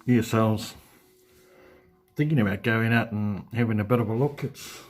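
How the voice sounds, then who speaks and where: Male streamer, lowish voice, casual and rambling, lots of ums. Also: normal speed, soft background music. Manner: rambling, hesitant, many ums and restarts. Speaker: live streamer. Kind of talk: casual live-stream chat.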